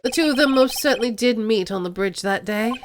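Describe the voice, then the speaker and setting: A woman voicing a calm, confident male prosecutor in a game courtroom. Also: on the high side, brisk, soft background music, lightly acted.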